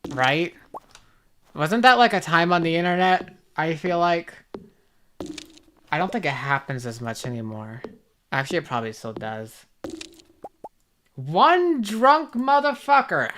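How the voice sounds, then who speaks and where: A woman's voice: sits low, normal speed, long pauses, fairly bright tone, slight background noise. A woman streaming a game, chatting casually with viewers in a rambling, self-mocking way. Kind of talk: casual gaming stream chat.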